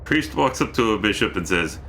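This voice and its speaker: A man's voice: fairly low pitch, lively intonation, fairly quick, bright, forceful tone, slight background noise. A man streaming a game, chatting casually, joking and reading chat messages aloud. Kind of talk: casual gameplay commentary.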